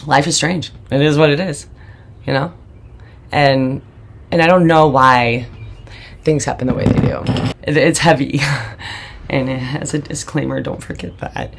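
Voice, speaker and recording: A woman's voice: deep voice, fairly even intonation, a little slow, creaky, long pauses, slight background noise. A woman hosting her own show, telling a candid personal story in a blunt, emotional way and swearing often. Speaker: host.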